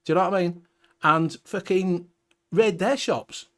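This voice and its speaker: A man's voice: high voice, unhurried, fairly bright tone. A Welsh man hosting a casual livestream chat, ranting bluntly with heavy swearing. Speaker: show host.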